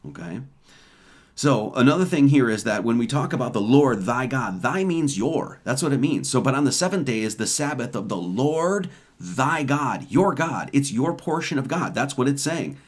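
A man's voice: mid-range voice, expressive, moderate pace. A man teaching scripture in an informal sermon, often asking rhetorical questions and repeating words for emphasis. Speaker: teacher of a Bible study.

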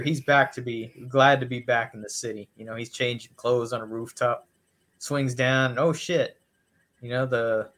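A man's voice: mid-range voice, a bit bright. A man co-hosting a casual podcast, recapping a comic issue in an easygoing, rambling way. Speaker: podcast co-host. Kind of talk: casual chat.

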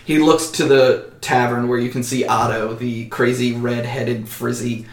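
A man's voice: medium pitch, little pitch movement, a little slow. A man narrating a tabletop game as game master, casual with frequent fillers. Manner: casual, many fillers, laughs often. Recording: echoey room, far from mic.

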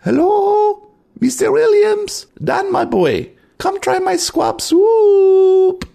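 Shrill, jolly foreign cook. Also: male voice, big pitch swings, takes it slowly, gravelly, dark tone, exaggerated voice. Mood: jovial. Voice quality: very high falsetto. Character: cheerful foreign cook calling out, high-pitched.

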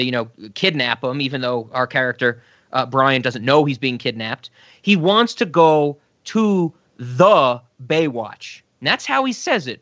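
A man's voice: fairly high pitch, bright, forceful tone, no room sound, lo-fi sound. A man co-hosting a podcast in casual chat, joking, rambling and laughing often. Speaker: podcast co-host.

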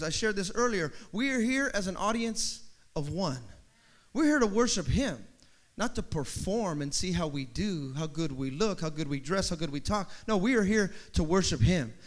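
High-voiced, bright man preaching. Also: animated, moderate pace. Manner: preacher cadence, rising emphatic repetitions; humorous asides and storytelling. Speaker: pastor. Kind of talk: sermon.

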